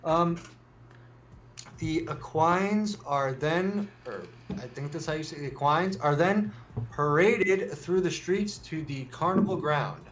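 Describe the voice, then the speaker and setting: A man's voice: fairly high pitch, normal speed, fairly bright tone, slight background noise. Man reading quirky news stories. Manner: reads articles, stumbles and restarts, jokey asides. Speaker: news segment reader. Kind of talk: casual news read on a podcast.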